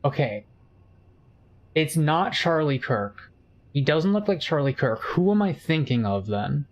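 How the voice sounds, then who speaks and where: A man's voice: on the high side, sing-song, a little slow, highs cut off. Rambling, jokey male streamer. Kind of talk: casual chat while gaming.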